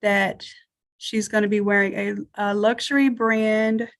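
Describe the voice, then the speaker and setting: With a medium-pitched voice, a flat delivery and a slightly slow pace, a woman leads a live online design lesson over screen share. She is talkative, voicing her thoughts while working through each step.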